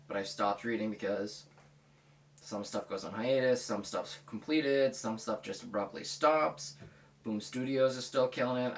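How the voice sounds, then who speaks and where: A man in his thirties delivering a heated, profane, blunt rant as a vlogger. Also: mid-range voice. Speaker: comics vlogger. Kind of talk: casual ranting monologue.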